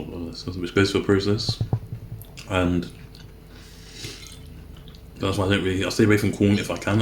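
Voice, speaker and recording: In a reverberant space with slight background noise, a low-voiced man eats and talks to the camera. His vlog is casual and chatty, full of rambling and mid-sentence self-corrections.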